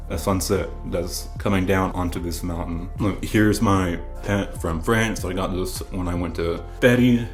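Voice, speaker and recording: Rambling young man, low voice, echoey room. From American South. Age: young adult. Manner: rambling, restarts often, laid-back storytelling. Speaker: vlogger. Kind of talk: casual show-and-tell chat. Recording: echoey room with faint music.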